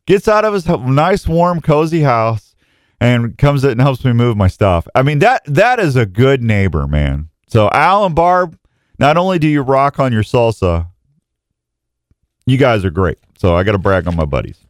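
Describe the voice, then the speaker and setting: A man's voice: mid-range voice, big pitch swings, moderate pace, dry recording, studio quality. A middle-aged man hosting a casual morning radio show, rambling and self-mocking with lots of restarts and jokes. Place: radio station studio.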